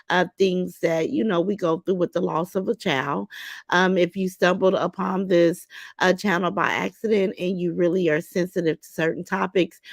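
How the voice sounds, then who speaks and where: A middle-aged woman hosting a casual livestream, greeting viewers by name in a warm, chatty way. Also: on the low side, no room sound. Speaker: livestream host.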